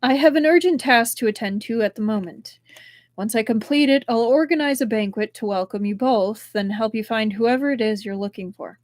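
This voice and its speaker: A woman reading aloud, voicing a composed young male official who answers with smooth, courteous evasion. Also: fairly high pitch, moderate pace, a little mellow, lightly acted.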